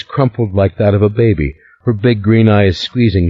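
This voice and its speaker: A man narrating an audiobook in a measured, dramatic way. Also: fairly low pitch, dull audio. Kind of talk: scripted narration.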